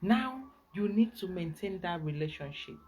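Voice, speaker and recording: A woman with a Nigerian accent, a spiritual guide giving an emphatic, animated teaching talk. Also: fairly low pitch, normal speed, slight background noise.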